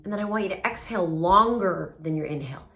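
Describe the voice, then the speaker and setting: A woman speaking coach giving lively, emphatic advice straight to camera, with playful asides. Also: on the low side, fast, slight background noise. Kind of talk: casual advice video to camera.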